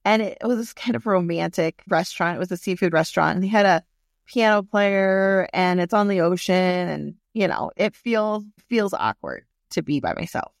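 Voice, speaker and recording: Candid woman with a gravelly voice. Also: lowish voice, moderate pace, dry recording, studio quality. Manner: candid and animated, swears freely. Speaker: storyteller. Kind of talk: casual personal storytelling.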